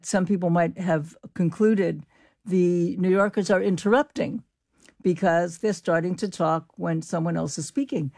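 An older woman explaining her research in an interview, in an animated, explanatory way. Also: fairly low pitch, a little slow, creaky, dry recording, studio quality. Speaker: linguist guest. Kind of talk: interview answers.

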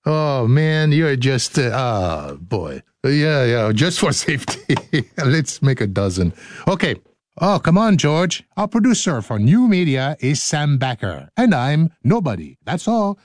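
A man's voice: mid-range voice, sing-song, measured pace, dry recording. A male radio host, older, joking and laughing his way through studio outtakes in a playful, sing-song manner.

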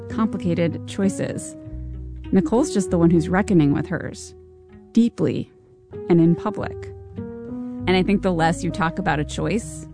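Woman host, calm and reflective scripted narration, guitar music underneath. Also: on the low side. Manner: measured, reflective. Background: soft guitar music.

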